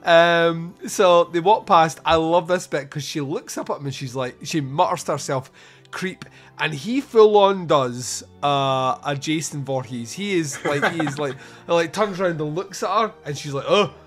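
Animated podcast host, swearing and laughing. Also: male voice, on the high side, moderate pace, few pauses. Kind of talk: casual film review chat.

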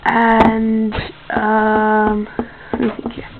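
A woman's voice: a little high, completely flat delivery, very slow, phone-quality sound, noisy background. A female contest host in a casual home video, rambling and correcting herself often. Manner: rambling, with many fillers and self-corrections.

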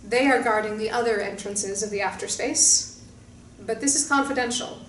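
A woman voicing a huge white male guardian creature who speaks slowly and proudly in a deep, booming way. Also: lightly acted. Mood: calm proud. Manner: slow, booming, measured. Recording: roomy distant mic with faint hiss.

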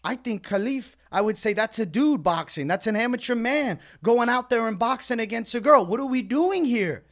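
A man's voice: very high-pitched, expressive, normal speed, few pauses. A man giving angry reaction commentary on a fight, ranting indignantly and repeating words for emphasis. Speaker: MMA commentator.

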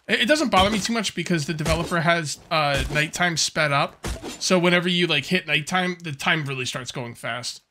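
A man with a slightly high voice talks at a normal pace over a noisy background. He's a gameplay commentator doing a casual let's-play of a survival game, rambling in an easygoing way and using plenty of fillers.

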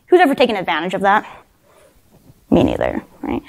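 A woman's voice: mid-range voice, very animated, unhurried, creaky, long pauses. A woman in her thirties giving a leadership talk at a conference, speaking conversationally with lots of "right?" tag questions and dry self-deprecating humor. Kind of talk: leadership talk to a live audience. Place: conference session room.

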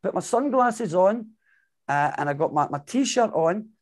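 A man's voice: sits high, lively intonation, measured pace, a little mellow. A man hosting an interview, asking friendly, joking questions. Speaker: interviewer host. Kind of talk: casual interview chat.

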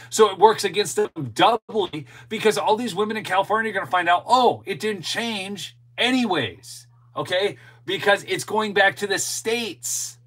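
High, bright-voiced emphatic male commentator. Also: husky, poor audio. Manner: emphatic, talks straight to viewers. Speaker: show host and political commentator. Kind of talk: opinionated commentary monologue.

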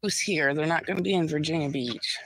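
Woman co-host, rambling storyteller, bright voice. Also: low-pitched, fairly quick, husky, no room sound, poor audio. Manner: meandering, chatty anecdotes with fillers. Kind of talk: casual chat storytelling.

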